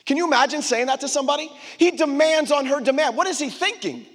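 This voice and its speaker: A man's voice: very high voice, lively intonation, fast talker, a bit bright, long reverb tail. A man preaching a sermon to a live congregation, emphatic and repetitive, calling on the audience to answer back. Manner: emphatic, repeats call-and-response phrases to the crowd.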